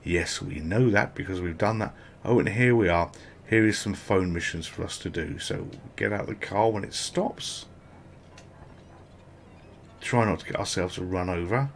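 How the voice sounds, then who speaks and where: Chatty British man, lowish voice. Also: a little slow, vocal fry, slight background noise. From Britain. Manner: chatty and rambling, with excited exclamations. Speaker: gameplay commentator. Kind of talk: casual gameplay commentary.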